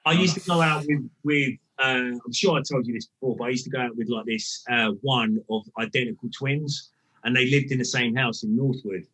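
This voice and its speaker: A man's voice: medium pitch, brisk, a bit bright, husky, low-quality recording. A man, co-hosting a podcast and telling stories in a rambling, casually swearing way. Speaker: podcast co-host. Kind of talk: casual storytelling.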